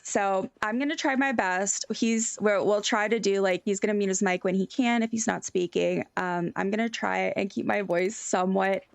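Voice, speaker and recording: A woman streamer chatting casually on a live stream, animated and giggly. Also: medium pitch, vocal fry, no echo.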